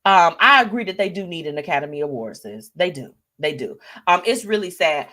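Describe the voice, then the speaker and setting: Animated laughing woman show host. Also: fairly low pitch, fairly quick. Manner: animated, laughing, addresses audience as y'all and baby. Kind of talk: live show commentary reading viewer comments.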